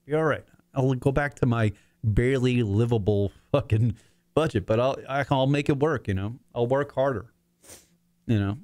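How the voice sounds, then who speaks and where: This podcast host, a man in his forties, speaks at medium pitch and a moderate pace with a slightly mellow tone. The sound is clean studio audio with no echo. Broadcasting his talk show from his apartment, he rambles profanely through an emotional monologue, near tears.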